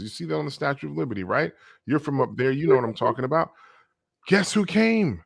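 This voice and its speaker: A man speaking as a guest in an emphatic, animated conversation. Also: mid-range voice, quick pace, vocal fry, no echo. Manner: emphatic, acts out voices to make points. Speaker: guest artist.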